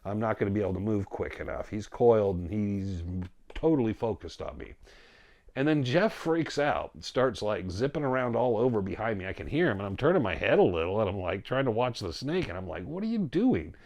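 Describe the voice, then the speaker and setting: A man casually telling a story about a hike, animated, often quoting himself and his friend and laughing as he goes. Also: fairly low pitch, fairly quick, gravelly. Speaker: storyteller guest.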